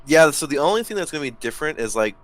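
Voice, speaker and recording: A man's voice: on the high side, big pitch swings, very fast, low-quality recording. A man giving casual, profane commentary while playing a strategy game with a friend. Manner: loose, profane, easily laughing. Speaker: let's play co-host.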